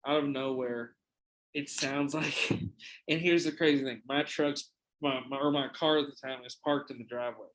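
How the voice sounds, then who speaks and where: A man's voice: medium pitch, steady tone, moderate pace, fairly bright tone, low-quality recording. A young man hosting a podcast, telling a long anecdote in a casual, profane, rambling way with frequent restarts. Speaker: podcast host. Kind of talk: casual storytelling.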